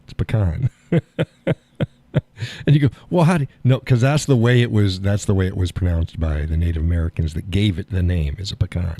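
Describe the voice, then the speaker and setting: A man's voice: deep voice, fairly quick, mellow, dry recording. A man hosting a live stream, chatting casually, often laughing, folksy and blunt with casual swearing. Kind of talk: casual chat.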